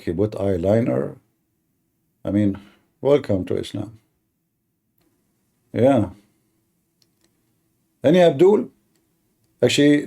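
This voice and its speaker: A man hosting a heated live-stream debate, mocking and combative, speaking as a with halting restarts. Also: on the low side, gravelly, dark tone, husky. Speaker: livestream debate host.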